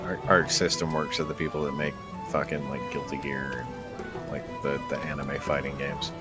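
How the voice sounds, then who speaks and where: A man's voice: a bass voice, flat delivery, normal speed, loud music behind the voice. A man co-hosting a casual podcast chat, laid-back and swearing casually. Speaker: podcast co-host.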